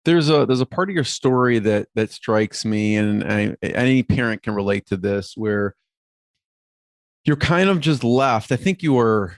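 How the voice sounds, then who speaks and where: A man in his forties hosting a podcast, asking rambling, relaxed questions. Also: mid-range voice, unhurried, no echo. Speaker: podcast host. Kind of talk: interviewing a guest.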